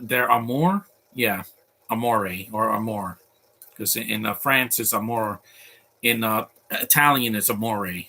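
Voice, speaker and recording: Guy rambling thru a cartoon watch-along, bright kinda edgy voice, cracking jokes. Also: medium pitch, unhurried, slightly rough. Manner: rambling, offhand, joking asides. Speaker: cartoon commentator. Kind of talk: live watch-along commentary.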